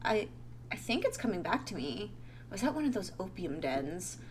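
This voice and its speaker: A woman's voice: medium pitch, very animated, moderate pace, slight background noise, natural voice. A woman reading the lines of an anxious, confused young male doctor, urgent and questioning.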